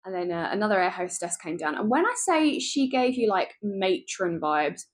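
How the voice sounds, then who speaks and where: Woman, young adult vlogger, lively storyteller, mid-range pitch. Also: normal speed. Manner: lively, animated retelling with laughs and asides. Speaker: travel vlogger. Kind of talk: chatty storytelling vlog.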